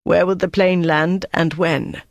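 A narrator voicing a ruthless male secret police officer who speaks in clipped, slow, menacing commands. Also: medium pitch, fairly even intonation, gravelly, dry recording. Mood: cold. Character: cold ruthless male Gestapo interrogator.

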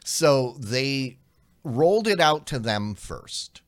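A man with a mid-range voice co-hosts a casual tech podcast. He explains news stories in a halting way, full of pauses and restarts. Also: mid-range voice, big pitch swings. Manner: explanatory, hesitant, many ums and restarts. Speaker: podcast co-host.

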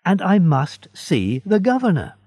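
A man's voice: high voice, wildly swooping pitch, unhurried, a little mellow, husky, no room sound, clean studio sound, pitched above the performer's own voice, full character voice. A man reading the part of a stubborn, desperate young male prisoner, pleading and insistent.

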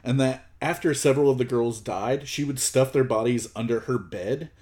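A man hosting a podcast, telling a story in relaxed, wry casual chat. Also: medium pitch, moderate pace. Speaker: podcast host.

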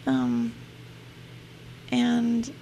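A woman's voice: a little high, sing-song, very slow, mellow, a little hiss or hum, low-quality recording. A woman chatting on a live comedy show, hesitant and full of ums. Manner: hesitant, filler-heavy. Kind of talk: loose live banter.

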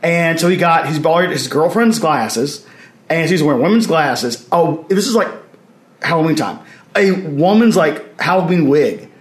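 A man telling anecdotes as a podcast guest in a lively way, acting out what others said and laughing along. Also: a little high, moderate pace. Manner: animated anecdotes, acts out others' lines, laughs while telling. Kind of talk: storytelling in casual conversation. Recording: roomy echo.

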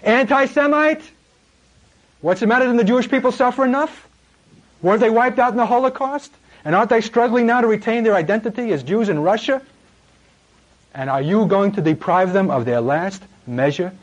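A man's voice: sits high, expressive, dull audio, voice pushed up. A man preaching, voicing an indignant accuser who fires scornful questions at him. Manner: shouting, scornful, rapid-fire questions.

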